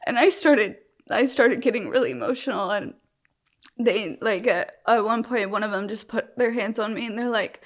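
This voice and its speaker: A woman's voice: fairly high pitch, moderate pace. A young woman with a slightly raised voice talks openly about her own experiences. Her speech rambles, full of "like" and self-corrections, yet stays frank and emotionally open. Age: young adult. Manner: rambling, heavy on "like" fillers and restarts. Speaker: interviewee. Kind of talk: candid personal storytelling.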